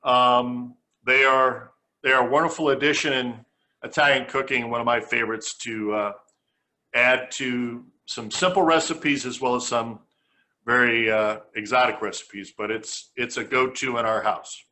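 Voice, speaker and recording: A man's voice: medium pitch, steady tone, measured pace, bright, forceful tone. A man hosting a homespun cooking demonstration, chatting casually and often restarting his phrases. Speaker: cooking show host.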